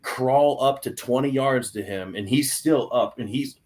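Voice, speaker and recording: A young adult man telling a hunting story on a podcast in an excited, animated way, with many restarts. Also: mid-range voice, unhurried. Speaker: podcast guest. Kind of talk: casual storytelling.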